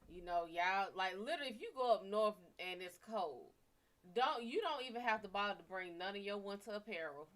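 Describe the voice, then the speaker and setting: A woman's voice: mid-range voice, fairly bright tone. A woman from the American South, chatting casually and profanely with viewers on a live stream. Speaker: live stream psychic reader.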